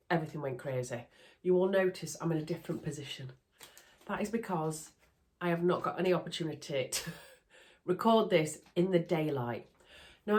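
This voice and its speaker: A woman's voice: deep voice, a little mellow. A woman with a Yorkshire accent, bunged up with a cold and sounding nasal, chatting casually and self-deprecatingly to her phone camera at night. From Yorkshire, England. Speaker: sewing vlogger. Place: bedroom at night under a ring light.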